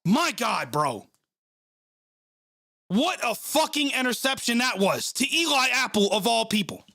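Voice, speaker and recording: A man's voice: very high-pitched, very animated, measured pace, gravelly, bright, forceful tone, no echo, clean studio sound. A man ranting heatedly and swearing while hosting a live reaction stream of a football game. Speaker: sports live-stream host. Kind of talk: angry live play-by-play reaction.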